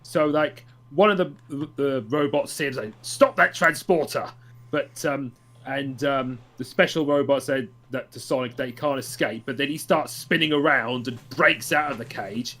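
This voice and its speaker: A man summarizing a comic story in a casual podcast chat, with many ums and pauses. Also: medium pitch, fairly bright tone. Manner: hesitant, many ums and uhs. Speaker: podcast co-host.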